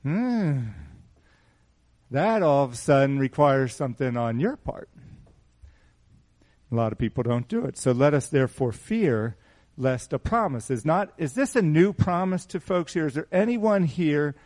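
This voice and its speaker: A middle-aged man preaching a sermon in a small church, asking the congregation rhetorical questions in an animated way. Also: fairly high pitch, a little slow. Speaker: pastor.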